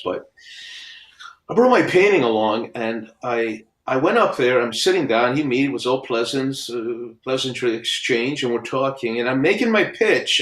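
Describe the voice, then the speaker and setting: A middle-aged man with a mid-range voice, appearing as a guest album cover artist on a video call, tells stories from his career in a casual, animated interview. He acts out other people's lines, speaking from a home studio with framed records on the wall, and the recording has a roomy echo.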